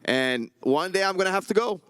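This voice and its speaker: An animated man chats eagerly and casually on stage. His voice is fairly high, and the sound is dry and close, with little room echo. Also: a little fast, clear, resonant tone. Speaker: expo speaker.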